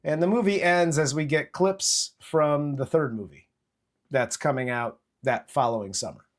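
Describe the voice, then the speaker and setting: Profane, animated man recapping a film. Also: on the high side, normal speed. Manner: profane, animated retelling with acted quotes. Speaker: movie review podcast host. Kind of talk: casual chat.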